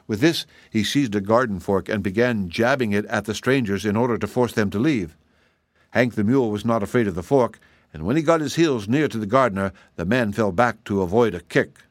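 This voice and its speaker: A man narrating a fairy tale audiobook in an even, measured storytelling voice. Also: fairly low pitch, no echo.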